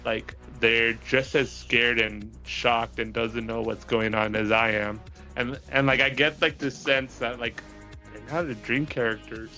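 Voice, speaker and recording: On a podcast, a male co-host with a medium-pitched, bright, forceful voice tells a long dream story at a measured pace with fairly even intonation. He rambles, leaning heavily on the filler "like," swears cheerfully and laughs through it, with soft music in the background.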